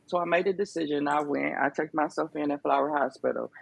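Gravelly-voiced woman telling her story. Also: deep voice, steady tone, a little fast. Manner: emphatic, conversational, lots of fillers. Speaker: podcast guest. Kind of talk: casual testimony.

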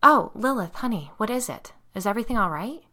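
A woman's voice: a little high, expressive, brisk, sharp tone, voice pushed up. A woman reading an audiobook, voicing a mother who speaks soothingly and with concern. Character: worried, gentle mother woken at night.

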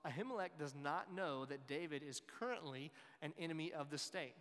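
A man's voice: a little high, a little fast, a bit bright. A man preaching a sermon in a conversational way, with joking asides to his listeners. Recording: long hall reverb.

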